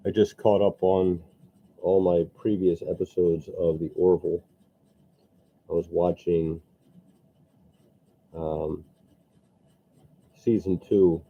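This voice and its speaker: A man's voice: deep voice, flat delivery, slow, long pauses, slightly rough. A man chatting casually on a live stream as he sculpts, often muttering asides to himself in an indoor workspace. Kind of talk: casual live-stream chat while working. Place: indoor workspace under air conditioning vents. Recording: dull lo-fi stream audio.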